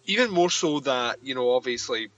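A man's voice: mid-range voice, lively intonation, normal speed, a bit bright, no echo, dull audio. A man in a casual podcast chat about a TV episode, earnest and given to repeating himself. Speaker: podcast co-host.

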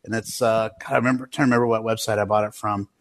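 A man hosting a casual podcast chat over a video call, talking in halting, searching bursts. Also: on the low side, steady tone. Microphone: video call mic.

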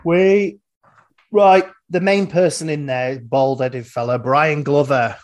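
A man's voice: a little high, slow. Chatty man retelling a film. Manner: rambling, retells scenes. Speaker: podcast host. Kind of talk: casual film chat.

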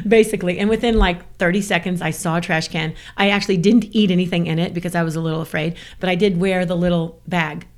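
A woman from the American South, a guest telling a story in casual chat, animated and laughing often. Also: fairly low pitch, quick pace.

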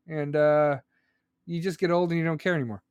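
A man's voice: a little high, steady tone, brisk, clean tone, no echo, muffled recording. A man in his forties hosting a livestream, ranting about politics with heavy profanity and mocking impressions of people he disagrees with. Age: 40s. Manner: profane, mocking, shouts out chat viewers. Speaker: livestream host.

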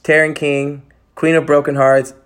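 Man, podcast co-host, slightly high voice, loose laughing chatter, roomy echo. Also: flat delivery, unhurried, a bit bright. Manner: laughs often, swears casually. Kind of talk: casual chat.

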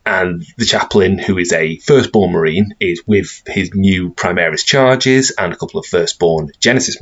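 A man with a low, husky voice co-hosting a casual podcast. He talks in a relaxed, hesitant way, full of ums. The recording sounds slightly dull and lo-fi. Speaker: podcast co-host. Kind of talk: casual chat.

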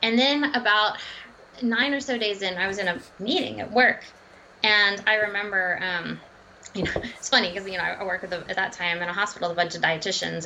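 A woman, a dietitian and runner, telling her story as a podcast guest in a chatty, animated way, full of fillers, restarts and laughs. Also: mid-range voice, gravelly, muffled recording, slight background noise. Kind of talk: casual podcast interview storytelling.

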